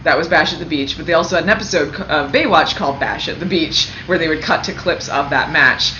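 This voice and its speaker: A woman's voice: deep voice, fast, pushed and bright. A young woman co-hosting a livestream, chatting casually and laughing often as she tells long stories. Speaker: co-host of a fundraising livestream. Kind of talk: casual chat. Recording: echoey room, dull lo-fi sound, faint noise.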